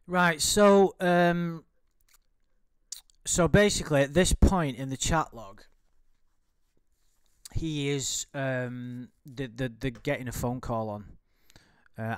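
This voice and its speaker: A man's voice: medium pitch, takes it slowly, long pauses, clean tone, dry recording, studio quality. A man giving casual, rambling commentary while reading out a chat log, full of swearing, restarts and laughter.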